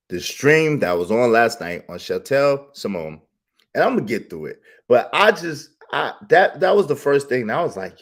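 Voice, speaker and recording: A male stream host giving fast-swinging, theatrical commentary, mocking and exclaiming, then dropping to a mutter. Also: medium pitch, very animated.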